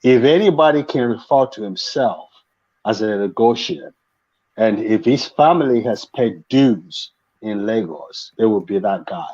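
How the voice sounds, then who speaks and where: A man's voice: lowish voice, lively intonation, unhurried, mellow, slightly rough, muffled recording. A man joining a casual panel chat over a video call, explaining things at length with many restarts and fillers. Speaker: panel guest.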